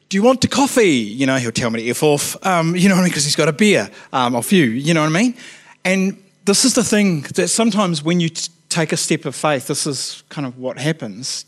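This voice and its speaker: A man, a youth worker telling a story in a sermon, chatty and casual, with frequent asides of "you know what I mean". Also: fairly high pitch. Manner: drops to a quiet, earnest tone at serious moments.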